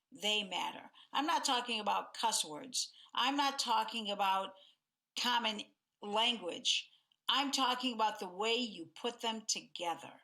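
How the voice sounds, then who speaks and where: Bright-voiced middle-aged woman life coach. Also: medium pitch. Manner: expressive, acts out quoted dialogue in different tones. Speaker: life coach and podcast host. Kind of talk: self-help podcast talk.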